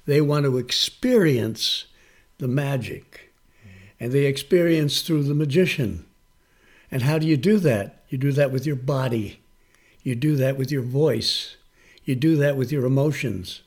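Animated man telling a story. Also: mid-range voice, measured pace. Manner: animated, acts out quoted voices. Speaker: magic performance coach. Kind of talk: storytelling in an interview.

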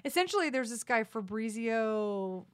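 A woman's voice: a little high, animated, brisk. A young woman chatting as a podcast guest, candid and blunt, swearing freely and acting out what others said. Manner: candid, swears freely, acts out quoted speech. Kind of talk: casual chat.

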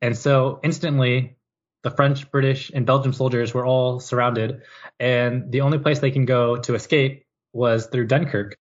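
A man's voice: mid-range voice, steady tone, moderate pace, muffled recording. A man co-hosting a podcast, casually recapping history with jokes and mock quotes. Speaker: podcast co-host. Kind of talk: casual chat.

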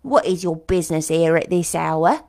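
A woman's voice: sits low, lively intonation, moderate pace, warm tone, voice pushed down. A woman voicing a blunt, distrustful older woman servant with a country dialect, as an audiobook character. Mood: suspicious.

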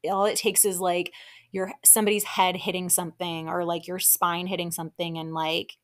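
A woman hosting a podcast, chatting casually through a recap of a reality TV episode with lots of "like" and quick laughs. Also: lowish voice, level tone. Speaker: podcast host.

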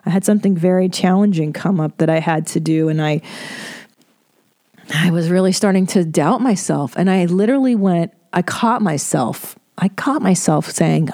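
A woman's voice: fairly low pitch, normal speed, mellow. A middle-aged woman hosting a podcast, talking in a candid, rambling way and swearing freely. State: tearful. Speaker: podcast host. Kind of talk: casual monologue.

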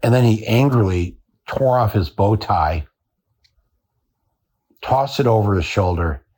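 Male podcast host, husky low voice, dry satirical monologue. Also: unhurried. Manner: dry, deadpan telling with chuckles.

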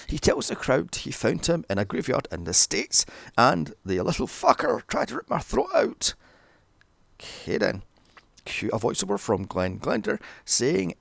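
Sarcastic British man with a gravelly voice. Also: mid-range voice, no room sound. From Britain. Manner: sarcastic, profane, wandering asides. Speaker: film reviewer. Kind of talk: sweary comedic movie recap.

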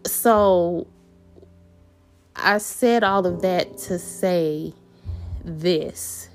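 Woman host, slow and earnest storyteller, meandering delivery full of fillers and restarts. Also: fairly low pitch, soft background music. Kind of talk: reflective personal storytelling.

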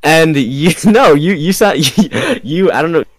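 A man's voice: fairly high pitch, animated, measured pace, no echo. A young man on a casual podcast with friends, rambling through a story with restarts and laughs. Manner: rambling, self-interrupting storyteller with frequent laughs. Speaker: podcast co-host. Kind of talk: casual chat among friends.

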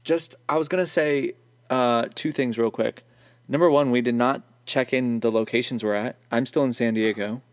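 A man's voice: medium pitch, steady tone, normal speed, dry recording. Young man chatting from his car. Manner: chatty, explains at length. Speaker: podcast co-host. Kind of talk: casual chat. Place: inside a car.

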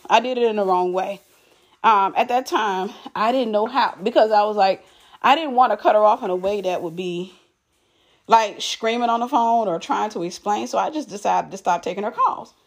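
A woman telling a personal story straight to the camera in a casual, emphatic way, often restarting and repeating words. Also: medium pitch. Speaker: vlogger.

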